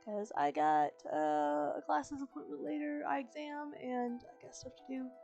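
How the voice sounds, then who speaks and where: A woman streamer talks to her viewers in a chatty, rambling, upbeat way. Her slightly higher voice has a gravelly, croaky edge. Soft fantasy music plays faintly behind her. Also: a little slow, muffled recording. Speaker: streamer reading a book aloud. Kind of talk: casual stream chat. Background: fantasy music playing faintly.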